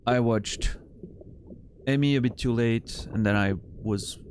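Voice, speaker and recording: A man's voice: medium pitch, a little slow, darkish tone, slight background noise. A tired, yawning man streaming a game, rambling and teasing his viewers in casual chat. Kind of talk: casual chat while playing.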